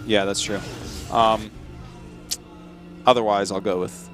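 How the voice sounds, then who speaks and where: A man commentating a live game, trading dry jokes and quick analysis. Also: on the low side, level tone, a bit bright, faint music behind. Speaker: esports commentator.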